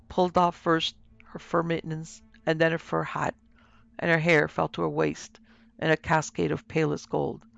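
A man narrating a horror story in a steady, even reading pace. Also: a little high, creaky, no echo.

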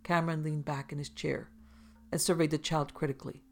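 Woman narrator, deep, husky fry, measured, scripted reading. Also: level tone. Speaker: audiobook narrator. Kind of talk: scripted narration of a classic novel.

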